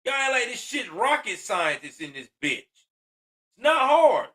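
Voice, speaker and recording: A man's voice: very high-pitched, very animated, a little slow, pushed and bright. A man in his forties giving heated, profane commentary on a news story, ranting angrily with a lot of emphasis. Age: 40s.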